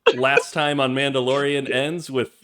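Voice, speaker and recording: A man's voice: medium pitch, fairly even intonation, moderate pace, a loud crowd. A man in a casual podcast chat, leading a recap of the episode and laughing often.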